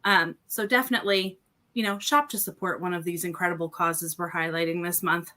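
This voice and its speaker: A woman who sells wine and co-hosts fundraisers talks briskly in a lowish, sharp voice with fairly even intonation. She's presenting a casual live podcast over a video call, staying upbeat and chatty with lots of ums and you-knows while sounding a bit out of breath.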